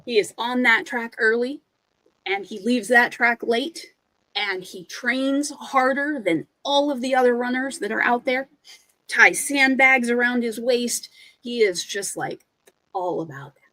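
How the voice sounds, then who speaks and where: A woman guest on a podcast telling a story in an animated, emphatic way. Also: a little high, measured pace, dry recording, low-quality recording. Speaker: guest speaker.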